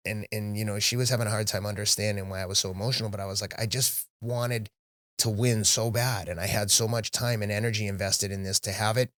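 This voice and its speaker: A middle-aged man with a fairly low voice talks candidly, in a casual podcast conversation. His delivery is animated, as he often quotes himself. The sound is dry and close, in a quiet studio. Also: very fast, hardly any pauses, dry recording. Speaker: podcast guest, marathon runner.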